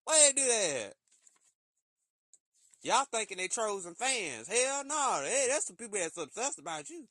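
A man talking in a casual solo rant, animated and slipping into shrill put-on voices for quotes. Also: measured pace, pauses often, no room sound. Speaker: podcast host.

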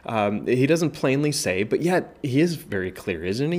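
A man's voice: medium pitch, sing-song, moderate pace, darkish tone. A man pastor teaching a Bible passage in a conversational way, often asking "right?" and restarting his sentences. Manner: conversational, many "right?" tag questions and restarts, rises when voicing Jesus. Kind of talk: informal Bible study teaching.

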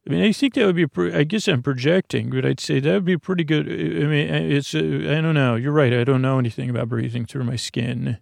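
A man hosting a sleep podcast, drifting through a meandering, soft-spoken bedtime monologue full of restarts and asides. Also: a little high, brisk, creaky, few pauses, no room sound, studio quality.

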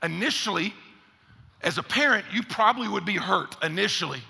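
A man preaching a sermon as pastor, animated, acting out grumbling voices. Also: sits high, a little fast, gravelly, husky. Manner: animated preacher, acts out complainers in raised voices. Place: church sanctuary. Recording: long hall reverb.

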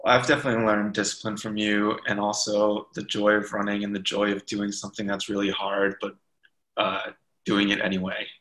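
Relaxed man in an echoey room. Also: fairly low pitch, brisk. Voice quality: relaxed, frequent "like" fillers. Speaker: former athlete interviewing his coach. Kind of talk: casual conversation. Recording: roomy echo.

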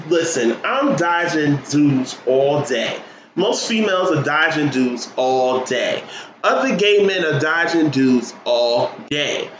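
A man co-hosting a podcast, telling stories in an animated, profane, casual way. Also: on the high side. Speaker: podcast co-host. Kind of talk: casual chat. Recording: roomy, dull, noisy room sound.

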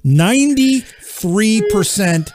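Sarcastic host with a lively voice. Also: male voice, takes it slowly. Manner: sarcastic, exasperated, drops low on punchlines. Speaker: show host. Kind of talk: political talk show hosting.

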